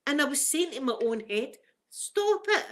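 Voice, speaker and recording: A middle-aged Scottish woman chatting casually on a live stream, emotional and quick to laugh, greeting viewers by name. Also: high voice, a bit bright. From Scotland.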